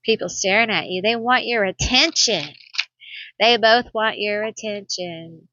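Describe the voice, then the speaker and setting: A woman's voice: mid-range voice, unhurried, sharp tone, dry recording, highs cut off. A woman giving a pick-a-card tarot reading, blunt and sassy, laughing often. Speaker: tarot reader.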